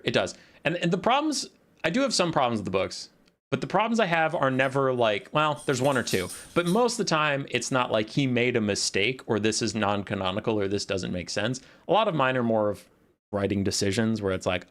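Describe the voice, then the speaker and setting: Animated, lively man casting a strategy game. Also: mid-range voice. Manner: animated, ranting, exasperated outbursts. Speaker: game caster. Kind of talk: casual commentary on a strategy game.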